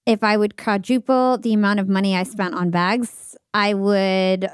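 A woman's voice: mid-range voice, steady tone, normal speed, clean tone, dry recording, studio quality. A woman hosting a podcast, chatting candidly and often stopping to restart her thoughts. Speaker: podcast host. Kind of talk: casual podcast conversation.

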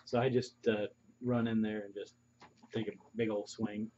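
A man's voice: lowish voice, level tone, moderate pace, a little mellow, slight background noise. A man playing a tabletop game, talking casually and offhandedly, on a muffled lo-fi recording from off-mic. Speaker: player.

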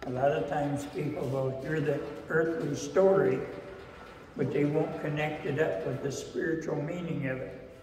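A man preaching a folksy sermon at a rehab center, telling a joke story in a slow, plain-spoken way. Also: fairly high pitch, steady tone, darkish tone, slight background noise. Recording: echoey hall from far off.

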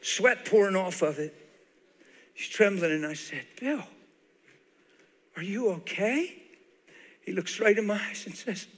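A man's voice: high-pitched, unhurried, pauses often. A man preaching a sermon to a church, telling a personal story with a lot of animation, laughter and tears in his voice. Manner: animated, laughing and crying as he tells stories. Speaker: guest preacher. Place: large church auditorium. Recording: live sermon with long hall reverb.

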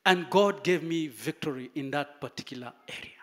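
Preacher, male, high voice, animated storytelling sermon delivery. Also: moderate pace.

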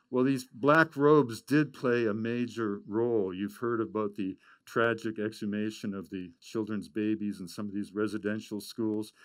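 A man giving a storytelling talk, animated and full of stammered restarts. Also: fairly low pitch, fairly quick, hardly any pauses, no room sound. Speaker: speaker.

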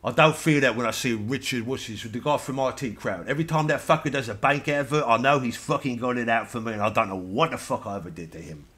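A man's voice: medium pitch, fast, hardly any pauses, a bit bright, breathy edge. Brief: male comedian as an Irish TV guest, sweary and rambling, mid-range voice. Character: ranting sweary Irish man on television. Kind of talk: satirical character monologue.

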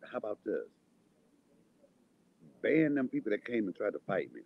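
Brief: husky, low-voiced man, angry vlog rant, lively pitch swings. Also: brisk, pauses often, phone-quality sound. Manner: heated, insulting, swings loud and quiet. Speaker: vlogger. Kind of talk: angry profane rant to camera.

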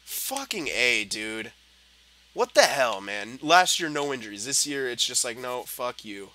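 A young man giving gameplay commentary, frustrated and swearing, muttering low and then yelling at the game. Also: very animated, unhurried, slight background noise. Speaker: gaming commentator.

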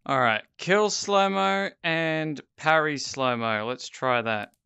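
A man giving excitable VR gameplay commentary, gasping and exclaiming as he plays into a headset mic. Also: on the high side, takes it slowly, creaky, smooth, dry recording, dull audio. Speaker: gaming YouTuber.

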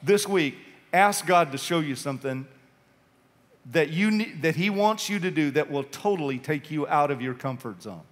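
A man's voice: a little high, lively intonation, normal speed. A male pastor preaching an impassioned, urgent sermon in a church sanctuary. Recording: long reverb of a church hall.

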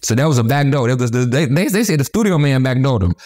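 A man being interviewed, telling stories in rapid, animated, profane street talk full of restarts. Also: mid-range voice. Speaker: interview guest. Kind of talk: casual storytelling interview.

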